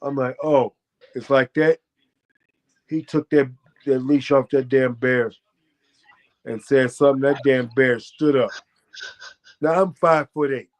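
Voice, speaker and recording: An American man, a former fighter, telling a profane, boastful story as a guest and breaking into loud shouted quotes. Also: medium pitch, steady tone, a little slow, long pauses. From United States. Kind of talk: animated storytelling.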